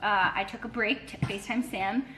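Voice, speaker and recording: A woman's voice: mid-range voice, steady tone, normal speed, noisy background. A woman chatting casually in a reading vlog, rambling and gushing with lots of fillers and restarts, filmed on a handheld camera from her couch at home. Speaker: book vlogger. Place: living room couch at home.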